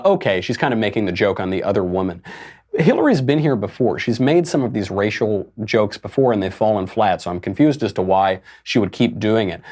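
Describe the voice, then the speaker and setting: A man's voice: fairly low pitch, a little mellow. A man hosting a political commentary show, talking in a sarcastic, mocking way and laughing between his points. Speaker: host.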